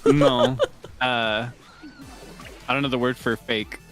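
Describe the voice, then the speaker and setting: A male streamer chatting casually during a game stream, giggly and quick to burst into laughing fits. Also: steady tone, fairly bright tone, faint music behind. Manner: giggly, breaks into frequent high laughing fits. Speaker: streamer host.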